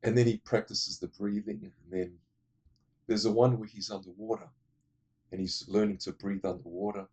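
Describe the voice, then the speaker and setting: A man's voice: lowish voice, steady tone, normal speed, darkish tone, breathy edge. A man casually retelling a movie plot for his film-ranking vlog, digressive, blunt and profane. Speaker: movie list vlogger.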